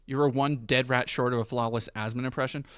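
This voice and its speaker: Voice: medium pitch, steady tone, fairly bright tone, clean tone. A streamer ranting heatedly and profanely on their stream. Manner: profane, heated, fast rant. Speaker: commentary streamer.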